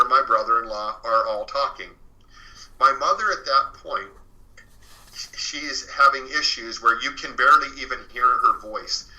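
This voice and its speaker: A man's voice: mid-range voice, sharp tone, low-quality recording. A man as an interview guest, earnestly telling a true paranormal story in a casual way, full of fillers. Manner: earnest and conversational, many fillers.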